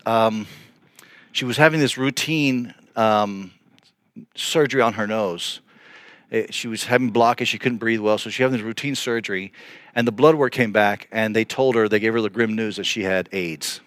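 A man's voice: mid-range voice, normal speed, no room sound. Dry-sounding middle-aged preacher man. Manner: earnest, animated storytelling with restarts. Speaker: pastor. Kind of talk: sermon storytelling.

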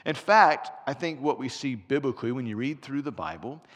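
A man's voice: medium pitch, fairly quick. A man preaching a conversational sermon as pastor, telling stories along the way. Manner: animated, conversational storyteller. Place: church sanctuary. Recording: long church reverb.

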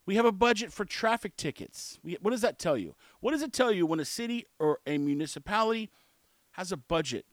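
A man's voice: high-pitched, expressive, fairly quick, no echo. A man in his forties telling a story in a casual monologue, blunt and opinionated, rambling with restarts. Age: 40s.

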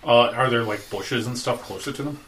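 A man's voice: medium pitch, brisk, a bit bright. A man playing a tabletop game in casual chat, wry and joking. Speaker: player. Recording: noisy mic.

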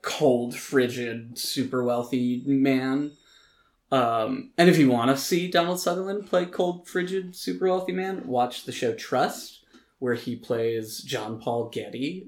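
A man co-hosting a casual podcast, giving animated, opinionated reviews with frequent ums and restarts. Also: medium pitch. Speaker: podcast co-host reviewing films and TV. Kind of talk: casual chat.

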